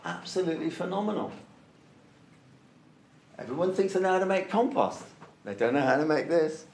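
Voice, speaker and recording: A man's voice: fairly high pitch, animated, normal speed, creaky, a little mellow, reverberant, a little hiss or hum. A man telling stories emphatically in a conversation, repeating key points for stress. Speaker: interviewee, organic soil product promoter. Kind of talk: anecdotal storytelling in conversation.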